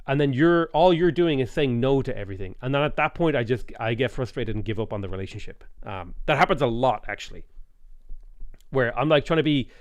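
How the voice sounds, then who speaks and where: A man's voice: mid-range voice, no room sound, clean studio sound. An Irish man in his thirties chatting casually on a live stream, rambling and blunt, swearing freely and acting out little dialogues. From Ireland.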